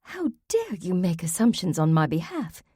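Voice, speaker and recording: A woman's voice: lowish voice, big pitch swings, moderate pace, a little mellow, breathy edge, no room sound, clean studio sound. A woman voicing a proud, defiant elderly woman who answers back firmly. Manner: indignant, firm.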